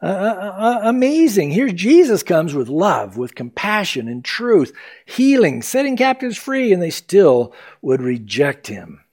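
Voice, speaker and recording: A man preaching a sermon, retelling Bible stories with animated delivery and acted-out quotes. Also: sits high, unhurried. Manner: animated storytelling, acting out quoted voices. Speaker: pastor.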